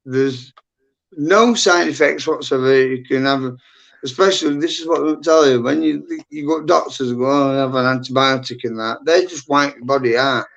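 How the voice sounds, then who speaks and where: Man, middle-aged, gravelly rough voice, rambling and blunt, muffled lo-fi stream audio. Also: mid-range voice, normal speed, a bit bright. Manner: rambling, blunt, heavy swearing. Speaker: livestream guest. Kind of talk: casual chat.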